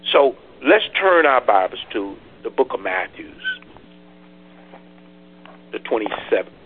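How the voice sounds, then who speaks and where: A man preaching a Bible study, drawing answers from listeners and rising from low teaching to loud cries. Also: sing-song, measured pace, noisy background. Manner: repeats words and phrases. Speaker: pastor leading Bible study. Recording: tinny phone-line call.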